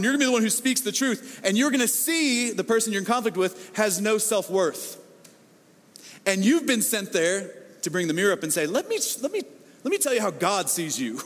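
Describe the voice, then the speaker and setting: A middle-aged man preaching a sermon as pastor, animated, acting out the voices he quotes and repeating words as he builds. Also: high voice. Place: church hall. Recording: long hall reverb.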